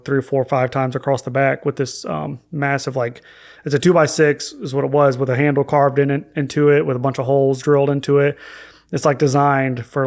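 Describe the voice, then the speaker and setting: Halting, soft-spoken man telling his story. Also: mid-range voice. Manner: halting, with frequent restarts and fillers. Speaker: podcast guest. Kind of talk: personal storytelling.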